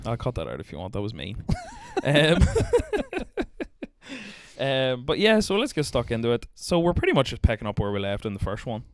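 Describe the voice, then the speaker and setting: A man's voice: medium pitch, huge pitch swings, normal speed, no echo. A man hosting a podcast, chatting casually with a guest, laughing often, swearing and poking fun at himself. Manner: laughing, swearing, self-mocking. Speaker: podcast host. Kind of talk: casual chat.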